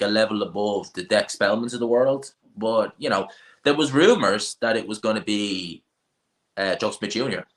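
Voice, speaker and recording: A man's voice: fairly low pitch, a bit bright. A man hosting a boxing live stream, blunt and opinionated, rambling casually. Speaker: boxing channel host.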